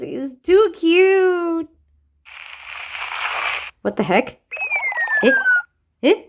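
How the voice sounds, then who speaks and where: A gaming video creator with an extremely high voice speaks very slowly and pauses often. She giggles and gushes over how cute the game is, reacting excitably in casual commentary.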